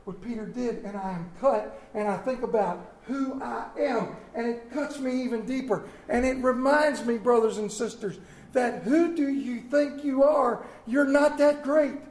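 Male pastor preaching an impassioned sermon, voice fairly high for a man, swinging between loud and hushed lines. The sound comes from an echoey church sanctuary with a roomy ring. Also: normal speed, hardly any pauses.

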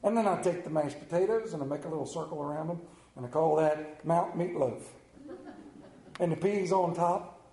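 High-voiced preacher in an echoey church. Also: male voice, normal speed, warm tone. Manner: folksy storytelling, asking the congregation questions. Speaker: pastor. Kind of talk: sermon. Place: church sanctuary.

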